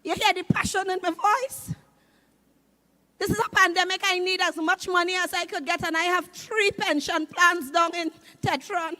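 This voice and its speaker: A woman in her fifties with a Trinidadian accent, doing loud, animated stand-up comedy on a live stage. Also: extremely high pitch, moderate pace. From Trinidad and Tobago. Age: 50s. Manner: loud, animated, shouting punchlines.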